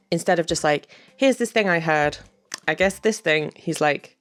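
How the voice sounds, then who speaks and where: A woman's voice: deep voice, vocal fry, dry recording. A woman giving chatty commentary on game dialogue, laughing often and adding wry asides. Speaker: video creator.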